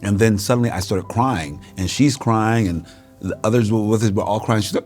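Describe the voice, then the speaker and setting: A middle-aged man with a very low voice tells stories as a guest in a casual interview over a meal. He acts out the people he quotes, and faint music plays behind him. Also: lively intonation, moderate pace, a little mellow.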